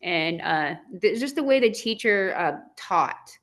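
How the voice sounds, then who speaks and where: A woman's voice: lowish voice, expressive, measured pace. A woman from Southern California with a valley girl accent, hosting a casual online chat, bubbly and chatty, laughing often. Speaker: host.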